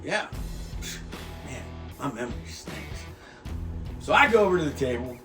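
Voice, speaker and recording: Laid-back man telling a story. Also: moderate pace. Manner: laid-back, drops to a quiet, calm low voice. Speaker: host. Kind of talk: storytelling monologue. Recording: roomy echo with faint guitar music.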